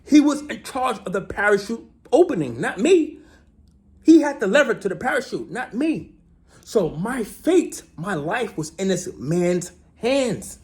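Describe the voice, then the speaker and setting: A vlogger with a high-pitched voice tells his viewers a story in a casual, unhurried monologue. His pitch swings animatedly as he dramatizes events, and he keeps asking "right?" to check in with the listener.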